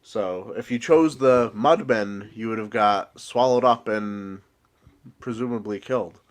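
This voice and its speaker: A man's voice: on the low side, measured pace. A congested man hosting a casual podcast, explaining at length as he recaps the episode. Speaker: podcast host.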